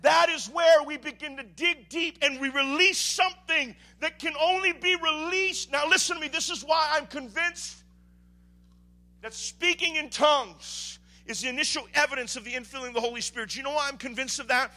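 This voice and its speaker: A man preaching a sermon as pastor, swinging between quiet talk and shouted calls to the congregation. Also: very high-pitched, normal speed. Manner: preaches with sudden shouts and call-and-response.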